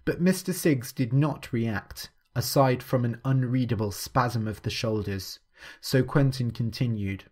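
A man narrating a scripted story clearly and steadily for language learners. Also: medium pitch, measured pace, a little mellow.

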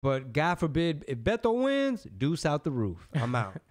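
A man hosting a podcast in casual political chat, animated and slangy, often restarting his sentences. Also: fairly high pitch, a little slow. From Texas. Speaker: podcast host.

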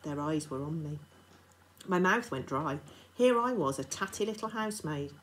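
A woman, a teacher, reading a children's novel aloud to her class in a steady, expressive narration. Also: low-pitched, normal speed, slight background noise, poor audio.

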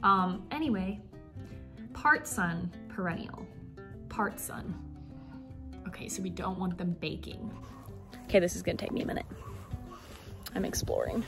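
A woman's voice: lowish voice, measured pace, pauses often. Bubbly young woman chatting over music. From United States. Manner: bubbly, hyper and rambling. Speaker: vlogger. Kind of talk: casual chat while gardening. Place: at home, indoors and in the yard.

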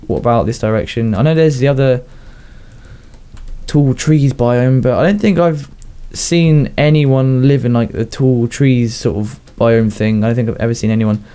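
A man's voice: medium pitch, normal speed, mellow, clean tone. A young man with a Southern English accent rambling through casual video game commentary, chatting to himself and laughing at his own jokes. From southern England. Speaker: gaming YouTuber.

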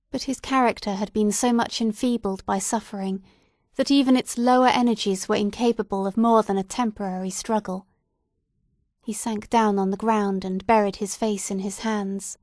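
A woman narrates a classic novel at a measured, deliberate pace with a mid-range voice. The recording is close and dry, like a studio booth. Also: mid-range voice, dry recording. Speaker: audiobook narrator.

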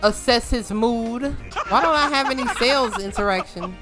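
A gaming streamer, a woman with a fairly high voice, delivers casual let's-play commentary at a moderate pace over loud music. She's animated and jokey, swears freely and scolds the on-screen characters.

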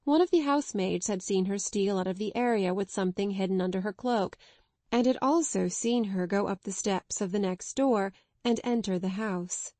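A woman narrating a classic children's novel in an even, clear storytelling read. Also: mid-range voice, normal speed, no echo. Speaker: audiobook narrator. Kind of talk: scripted narration.

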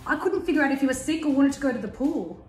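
A giggly Australian woman hosting a casual vlog chat, her voice swinging freely up and down. She banters playfully and sits a bit high in her range. The sound carries a noticeable room echo. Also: animated, racing. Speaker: vlog host.

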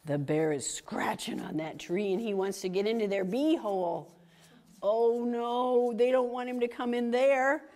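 A woman reading a picture book aloud to children, animated and full of questions for them. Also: on the high side, unhurried. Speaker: children's storytime reader.

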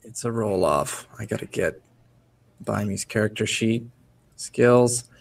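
A man running a tabletop role-playing game as game master, narrating the scene with lively storytelling. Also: fairly low pitch, takes it slowly, creaky, recorded from a distance. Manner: lively storytelling, slipping into character voices.

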